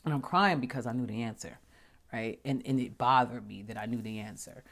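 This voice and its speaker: A woman hosting a casual, heartfelt vlog. She talks emphatically, restarts and repeats words, and often drops into a hushed whisper. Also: a bass voice, fairly quick. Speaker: vlog host.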